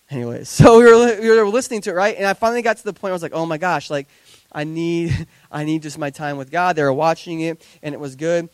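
A man in his thirties, a pastor preaching a sermon to his congregation in an animated, conversational way with joking asides. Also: high voice, brisk, clean tone, dry recording. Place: church service before a congregation.

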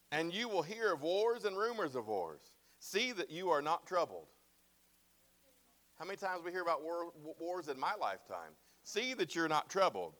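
Male preacher, higher voice, emphatic sermon delivery, repeats lines and checks in with the congregation. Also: fairly bright tone. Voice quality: bald-headed preacher, self-described. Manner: emphatic, repeats phrases and asks "right?" and "amen?".

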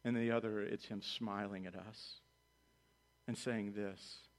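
A man preaching a sermon as pastor, animated, acting out quoted voices and dropping low and quiet for solemn lines. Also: measured pace. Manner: animated, acts out voices of God and children in quotes.

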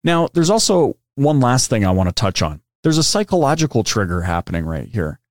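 A man's voice: mid-range voice, sing-song, fairly quick, no room sound. Man, podcast host, casual explainer, filler-heavy chat, dry close sound. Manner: loose and chatty, many fillers and asides. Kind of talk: casual explainer with screen demo.

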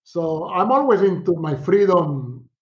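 Middle-aged professor, high voice, animated storyteller, dull lo-fi recording. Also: male voice, measured pace. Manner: animated storyteller, laughs often, acts out quotes. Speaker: sociology professor, guest. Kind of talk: casual conversation, storytelling.

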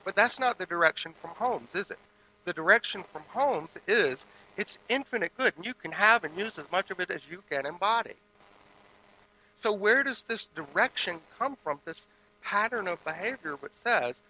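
Bright-voiced man preaching. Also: sits high, normal speed, a little hiss or hum, rough recording. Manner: hushed meditative passages, then lively storytelling. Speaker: minister. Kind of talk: sermon with guided meditation.

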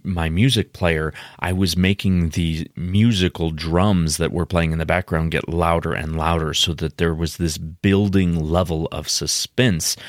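A man with a very deep voice talks through advice for running tabletop games. He explains earnestly and often restarts his phrases. The recording is dry and close, with no room sound. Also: dry recording. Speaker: podcast host, game master. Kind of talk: instructional podcast talk.

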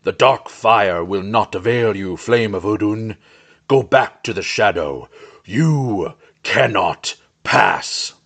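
A man voicing a weary old male wizard who stands his ground, speaking low and gravely and rising to commanding calls. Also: takes it slowly, fairly bright tone, full character voice.

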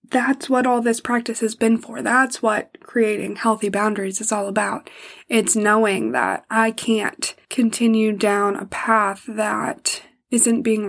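A fairly high-voiced young woman talks through a painful personal story on her podcast. She pauses often to keep from crying and sometimes falls to a near whisper. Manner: emotional, pausing to hold back tears. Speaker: podcast host.

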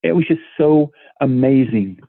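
A man's voice: mid-range voice, lively intonation, measured pace, gravelly, no echo. A middle-aged man speaking as a guest in a casual interview, earnest and given to restarting his words. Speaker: volunteer guest. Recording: tinny phone-like line.

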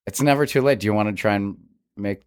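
A man's voice: lowish voice, fast, darkish tone, smooth. A man co-hosting a podcast, asking playful, joking questions in casual chat. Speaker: podcast co-host.

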